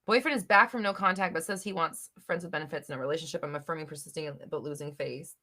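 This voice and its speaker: A young woman hosting a live chat, reading viewer questions and answering bluntly, with swearing and bursts of loud exasperation. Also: quick pace. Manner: blunt, swears, swings between low murmur and loud exasperation.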